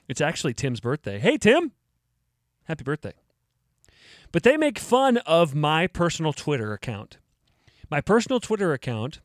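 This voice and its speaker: A man's voice: on the high side, no echo, clean studio sound. A man hosting his own podcast, joking and mock-indignant, laughing at his own jokes. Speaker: podcast host. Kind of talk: casual solo podcast talk.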